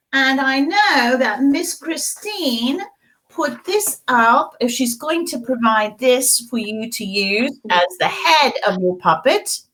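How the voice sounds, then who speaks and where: Speaking in character to small children, a middle-aged woman leads a storytime and craft lesson with a coaxing, sing-song delivery. Her voice sits high, bright and forceful, though the audio is poor.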